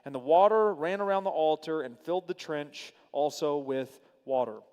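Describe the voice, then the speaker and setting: A man teaching a Bible study in a church hall, reading scripture aloud with animated, casual asides to his group. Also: fairly high pitch, moderate pace, smooth. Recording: long hall reverb.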